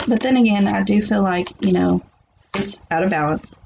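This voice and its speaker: A woman with a heavily gravelly, fry-laden voice gives a casual tarot reading, blunt and rambling with frequent restarts. The sound is muffled and lo-fi, with a faint hiss underneath. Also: mid-range voice, normal speed. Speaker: tarot reader. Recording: muffled lo-fi recording.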